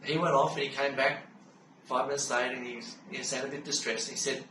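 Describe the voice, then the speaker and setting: Roomy, bright-voiced Australian man. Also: medium pitch. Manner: calm, unhurried recounting with frequent fillers. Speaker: storyteller. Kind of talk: personal spoken testimony. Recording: roomy sound from a distance with faint background hum.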